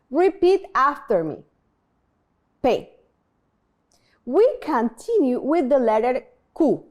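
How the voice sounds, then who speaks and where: Woman, language teacher, very slow, lively pitch, clear careful enunciation. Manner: clear, drawn-out enunciation with pauses for repetition. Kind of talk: slow, deliberate language lesson narration.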